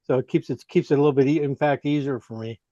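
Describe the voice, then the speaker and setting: A man's voice: medium pitch, steady tone, fast, warm tone, no room sound, lo-fi sound. A man teaching an online painting class, giving rambling, encouraging feedback full of fillers.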